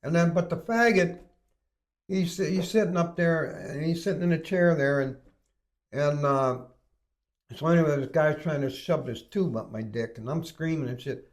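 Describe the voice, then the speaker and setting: A man's voice: fairly high pitch, normal speed. Rambling, foul-mouthed man telling stories. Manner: crude, profane, rambling. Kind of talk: casual storytelling.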